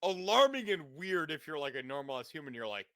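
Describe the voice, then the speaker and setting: A man's voice: on the high side, big pitch swings, brisk, a bit bright, dry recording, studio quality. A man narrating as game master in a tabletop role-playing game, loose and full of "like"s. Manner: loose, filler-heavy narration with "like".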